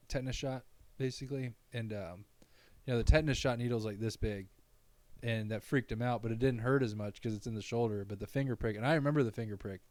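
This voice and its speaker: A man in his thirties co-hosting a casual podcast, telling stories in an animated way. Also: no room sound. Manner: animated storyteller, high squeaky voices when quoting. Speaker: podcast co-host. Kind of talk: casual chat.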